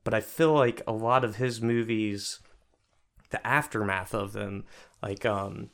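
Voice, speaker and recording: A man's voice: fairly low pitch, steady tone, a little slow, gravelly. A man in his thirties on a podcast, easygoing, casually reminiscing about childhood movies. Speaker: podcast co-host. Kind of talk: casual chat.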